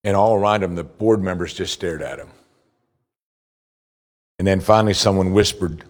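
Man preaching a sermon. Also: sits low. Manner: preaching, slow scripture reading with lively rises. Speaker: pastor.

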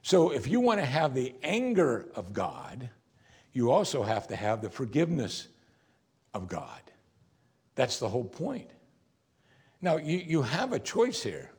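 Husky animated male preacher. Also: mid-range voice, measured pace, pauses often. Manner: animated, questions the congregation directly. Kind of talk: sermon.

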